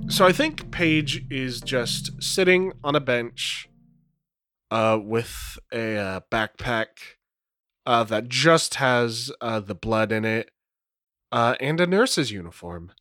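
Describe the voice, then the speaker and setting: Casting note: a man narrating a solo tabletop game, lively pitch, unhurried, dry close mic. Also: soft background music. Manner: rambling, many fillers, laughs at rolls. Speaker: game master and player.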